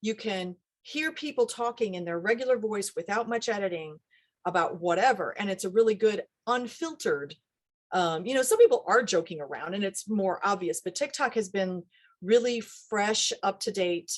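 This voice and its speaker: Animated woman dialect coach. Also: medium pitch, normal speed. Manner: animated, acts out quoted voices, laughs often. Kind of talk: casual interview talk.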